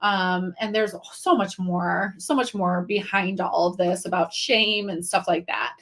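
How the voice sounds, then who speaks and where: A woman's voice: on the low side, measured pace, a bit bright. A middle-aged woman leading a live online training, talking casually with many fillers and restarts and greeting viewers by name. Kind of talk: live-streamed teaching talk.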